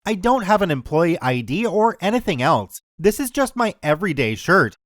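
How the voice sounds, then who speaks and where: A man voicing a big, gentle man who talks softly and calmly. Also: high voice, normal speed, dry recording, studio quality. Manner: soft, calm, soothing.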